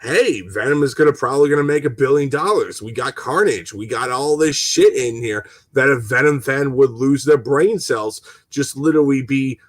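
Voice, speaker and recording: A man's voice: mid-range voice, moderate pace, hardly any pauses, no room sound. Heated, swearing man ranting on stream. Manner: heated, swearing, stammering restarts; talks to viewers and reads chat comments. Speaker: gaming channel host. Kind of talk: casual live-stream rant.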